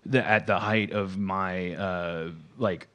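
A man's voice: deep voice, takes it slowly, smooth. A middle-aged man hosting a podcast, rambling through casual comedic chat with lots of restarts. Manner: rambling, animated, many restarts, jumps into silly voices. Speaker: podcast host.

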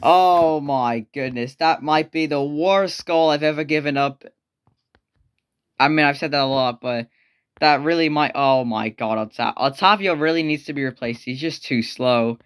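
A man's voice: on the high side, moderate pace, clear, resonant tone. Frustrated young man commentating gameplay. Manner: frustrated, exclaiming, swearing at players. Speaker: gameplay streamer.

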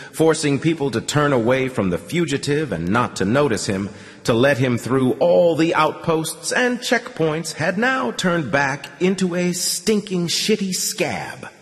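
A man narrating an audiobook with a dramatic, expressive reading. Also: medium pitch, unhurried, in a large hall. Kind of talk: scripted narration.

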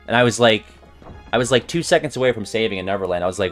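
A young man streaming a video game, joking and swearing, swinging from mumbles to yells, with faint music behind him. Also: mid-range voice, quick pace. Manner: swears a lot, jokey, swings from mumbling to yelling. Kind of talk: casual game-stream commentary.

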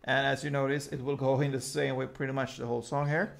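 A man teaching a guitar lesson in a casual, relaxed way, calling out chords and explaining how to pick the strings. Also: medium pitch, gravelly, background noise. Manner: slow, relaxed explaining between chord names. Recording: guitar playing loudly behind the voice.

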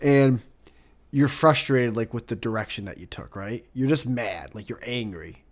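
A man's voice: medium pitch, normal speed. Rambling, self-mocking man hosting a podcast. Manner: rambling, profane, often laughing at himself. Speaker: podcast host. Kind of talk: casual chat.

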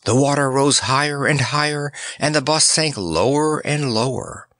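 A man narrating a children's audiobook in a measured, expressive way. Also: mid-range voice, no room sound, studio quality.

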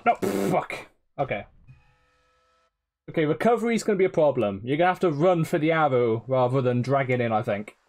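Lively, cursing male game streamer. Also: a little high. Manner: swears often and teases chat; laughs often. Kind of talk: live gameplay commentary.

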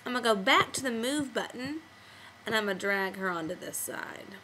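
A woman's voice: on the high side, expressive, moderate pace, bright, forceful tone, slight background noise, low-quality recording. A woman teacher walking children through making a comic on screen, patient and step-by-step. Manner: patient, step-by-step classroom explaining. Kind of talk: screen-recorded software tutorial for kids.

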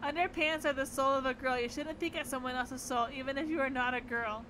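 A woman voicing a drowsy, deadpan, eccentric young girl in a visual novel, with a slow, slurred, dreamy way of talking. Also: sits high, a little hiss or hum.

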